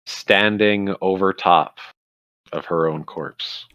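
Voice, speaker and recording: A male game master narrates a tabletop game in slow, measured sentences. His voice is very deep and unhurried. The sound is dry and close. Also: steady tone, a bit bright, no room sound.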